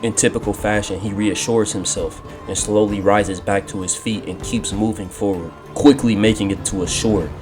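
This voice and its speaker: Deep-voiced man narrating action over music. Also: normal speed, few pauses. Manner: steady blow-by-blow action narration. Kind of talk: scripted fan-fiction narration. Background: background music.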